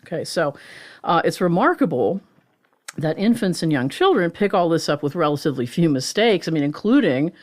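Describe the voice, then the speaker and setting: Professor type, woman in her 60s, lowish voice, animated and talkative, lectures conversationally. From Pittsburgh, USA. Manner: animated and chatty, explains with rhetorical "right?" and quick laughs. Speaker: linguistics professor, guest.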